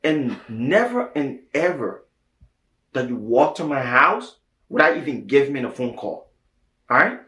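A man's voice: medium pitch, big pitch swings, unhurried, pushed and bright. An actor with a Liberian English accent playing an evasive married man, defensive and pleading with both his wife and his mistress. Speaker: married husband. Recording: echoey room.

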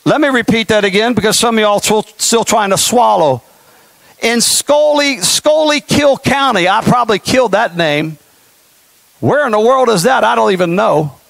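Impassioned high-pitched preacher man. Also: moderate pace, creaky, no room sound. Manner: impassioned, folksy, animated preaching with mocking asides. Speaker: pastor. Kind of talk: sermon.

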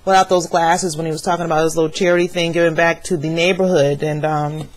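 A woman's voice: low voice, little pitch movement, fast talker, poor audio. A woman in her thirties giving a blunt, profane, gossipy rundown to her camera in a casual vlog from home. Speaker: vlogger reviewing an awards show. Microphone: webcam with plugged-in microphone.

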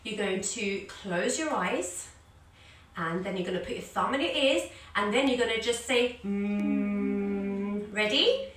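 A woman guides a children's yoga story in an animated, sing-song voice full of encouragement. Her voice is bright and clear. It rings in a very echoey room, picked up from some distance off the mic. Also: fairly high pitch, normal speed, a little hiss or hum. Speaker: kids yoga teacher.

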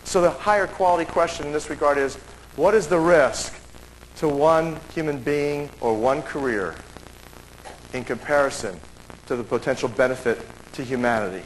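A man telling a story to an audience, acting out the dialogue with raised voices and dropping to a hush. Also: moderate pace, slight background noise, low-quality recording. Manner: acts out dialogue with raised pitch, drops to a hush. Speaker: speaker at a seminar. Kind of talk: animated storytelling talk.

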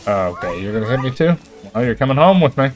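A man's voice: medium pitch, sing-song, fast talker, music in the background. A man giving live commentary while playing a video game, calling out to his creatures and yelping when enemies chase him. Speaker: gamer.

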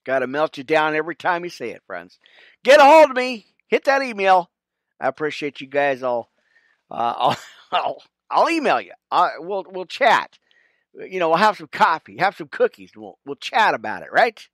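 Male podcast preacher, slightly high voice, heartfelt prayer and scripture reading, dry close mic. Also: normal speed, dry recording. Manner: emotional, animated, addresses listeners as friends. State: choked up. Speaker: podcast Bible study host. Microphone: wired mic with cable under shirt.

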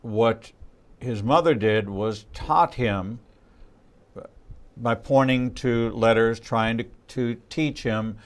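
Slow, deliberate male interview host. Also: medium pitch. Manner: deliberate, measured explaining. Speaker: rabbi host.

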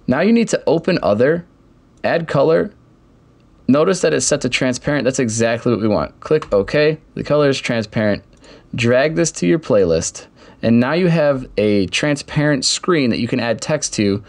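A young man casually walking through software steps in a screen-recorded tutorial, with keyboard typing behind him. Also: fairly low pitch. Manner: step-by-step, casual explaining. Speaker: tutorial host.

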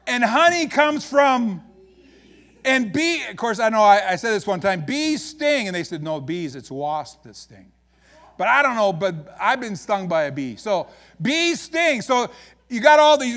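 High-pitched midwest pastor guy preaching, joking folksy storyteller. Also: very animated, a little slow. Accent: Upper Midwest American. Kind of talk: sermon.

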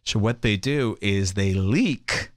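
A man's voice: fairly low pitch, slow pace. A man hosting a podcast, riffing crudely and mockingly on clips he plays. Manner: crude, mocking, lively banter. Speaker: podcast host. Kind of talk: riffing commentary on played clips.

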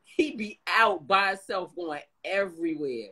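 Husky-voiced woman telling stories, slangy. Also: on the low side, unhurried, poor audio. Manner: animated, slangy storytelling. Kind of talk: casual chat.

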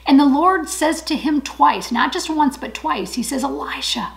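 A woman's voice: high voice, moderate pace, vocal fry, low-quality recording. A woman giving an encouraging Bible study talk, earnest and emphatic, repeating her key phrases.

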